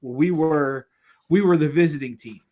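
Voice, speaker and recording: A man in his thirties co-hosting a casual podcast, telling family stories in an animated way and laughing through them. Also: fairly high pitch, moderate pace. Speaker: podcast co-host. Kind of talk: casual chat.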